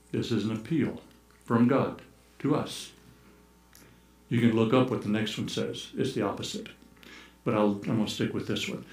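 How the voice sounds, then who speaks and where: A man's voice: on the low side, normal speed. Storytelling male pastor in an echoey church. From United States. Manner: storytelling, playful, acts out shouted calls. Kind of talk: sermon. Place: church sanctuary.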